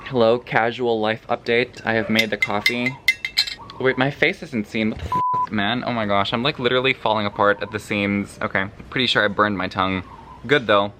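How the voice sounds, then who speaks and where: A man's voice: fairly low pitch, moderate pace, very noisy. A sleep-deprived man chatting casually in a book vlog, rambling and swearing as he reacts to what he reads. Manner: sleepy, profane, rambling and animated. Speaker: book vlogger.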